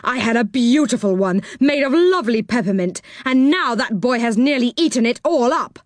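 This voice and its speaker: A woman's voice: a little high, animated, moderate pace, no room sound, pitched above the performer's own voice, close to an everyday voice. A woman voicing an angry little man in a storybook, scolding and indignant. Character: angry little man, peppermint knocker owner.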